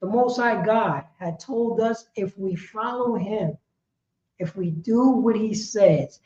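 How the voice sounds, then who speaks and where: A woman teaching a religious law class in an impassioned preaching style, repeating herself with emphasis and swinging between shouts and quiet words. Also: medium pitch, slow. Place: indoor meeting room. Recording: roomy, slightly dull lo-fi sound.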